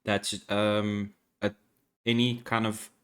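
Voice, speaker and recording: Guy player, super slow and halting, lotta ums, low smooth voice. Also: little pitch movement, a bit bright. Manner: hesitant, halting, many fillers. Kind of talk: casual tabletop play.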